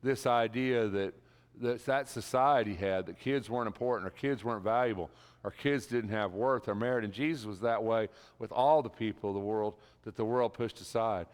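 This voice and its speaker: A man preaching a sermon in a church, talking with emphasis and building to impassioned peaks. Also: fairly low pitch. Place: church sanctuary. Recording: reverberant church hall.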